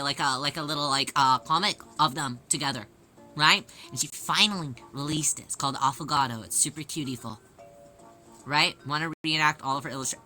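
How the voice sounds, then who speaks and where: Woman streamer, casual chat; very bright, sharp voice pitched on the low side; playful, repetitive bursts. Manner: playful and excitable, repeats phrases in rapid bursts; rambling, with frequent restarts and fillers. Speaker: live streamer chatting with viewers. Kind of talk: casual live-stream chat while sewing.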